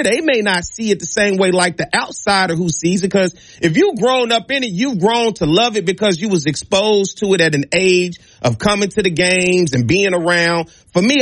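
Man, high voice, emphatic host monologue, dry close sound. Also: a bit bright, dry recording. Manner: emphatic, preachy, addresses listeners directly. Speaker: show host. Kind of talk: passionate opinion monologue.

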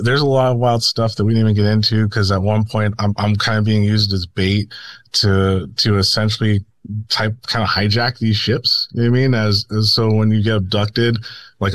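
Low-voiced man rambling with nervous laughs. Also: no room sound. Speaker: guest. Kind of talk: radio interview talk.

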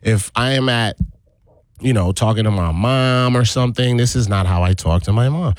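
A man's voice: mid-range voice, animated, moderate pace, dry recording, studio quality. A male radio host in casual chat who keeps slipping into a put-on West Indian accent and laughs often.

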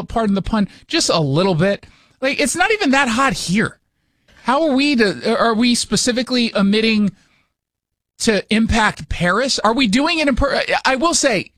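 An American man with a high-pitched voice hosts a radio show, riffing in a sarcastic, joking way. The studio sound is dry and close. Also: sing-song, a bit bright, no echo. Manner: sarcastic, joking, quick asides. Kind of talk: casual opinion talk.

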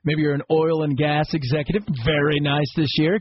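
A man's voice: on the high side, fairly even intonation, brisk, few pauses, husky, no echo, lo-fi sound. A man from the United States hosting a talk radio show, delivering an exasperated, sarcastic monologue full of rhetorical questions.

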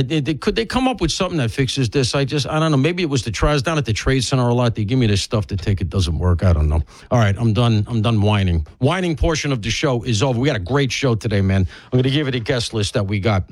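A man's voice: medium pitch, no room sound. A man hosting a talk radio show as a fill-in, rambling with wry, self-deprecating humor and sounding congested from allergies. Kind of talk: conversational talk radio monologue. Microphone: studio broadcast microphone.

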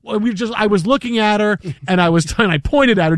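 A man in his forties hosting sports radio, telling an animated story and acting out the quotes. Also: sits high, a little fast, dry recording, studio quality. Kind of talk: casual sports talk.

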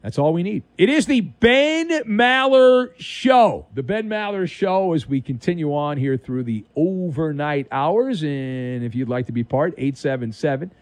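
A man's voice: a little high, normal speed, hardly any pauses, warm tone, no room sound. A man hosting an overnight sports talk radio show, delivering a wisecracking monologue with dramatic emphasis.

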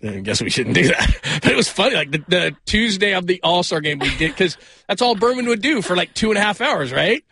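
Bright-voiced male sports radio host. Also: high-pitched, animated, brisk, breathy edge. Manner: rambling, self-deprecating, laughs often. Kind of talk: casual sports talk radio. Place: radio studio.

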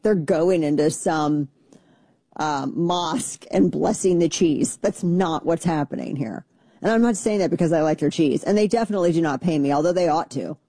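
A woman chatting casually and emphatically, with quick asides. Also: lowish voice, mellow, slightly rough, no echo. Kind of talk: casual chat to camera.

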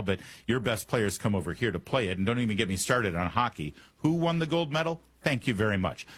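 A male talk radio host runs through a monologue, teasing and joking as he goes. His voice sits low with a husky edge. The booth sounds dry and close. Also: dry recording. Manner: wry, joking, animated asides. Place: Washington, D.C. studio.

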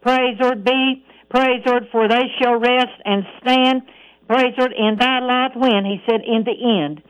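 A woman preaching a radio sermon, breaking every phrase with "praise the Lord" and reading scripture slowly. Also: a little high, steady tone, clean tone, low-quality recording. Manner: reads scripture aloud in a slow, measured voice.

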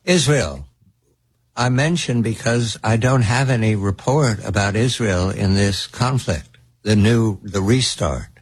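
A man hosting an interview, asking deliberate, probing questions. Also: lowish voice, slightly rough. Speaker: interview host.

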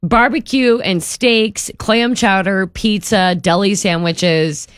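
A woman co-hosting a radio show in casual chat, reading out quotes with animated delivery. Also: mid-range voice, takes it slowly, clean tone, dry recording, studio quality. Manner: chatty, reads quotes aloud with animated delivery.

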